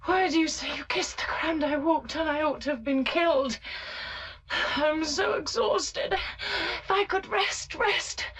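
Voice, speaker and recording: Actress as a weary young woman, half-whispering, drifting thoughts, a bit high-pitched, 1960s film drama. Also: brisk, few pauses, close to an everyday voice, poor audio. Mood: exhausted distraught. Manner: hushed, half-whispered, wandering speech. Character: fragile young woman actress, worn out and dreamy.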